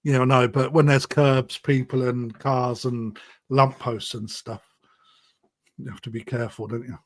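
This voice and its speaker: A man's voice: medium pitch, flat delivery, a little slow, no echo. A man hosting a live online auction, chatting with bidders in a casual, matey way. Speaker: koi auctioneer.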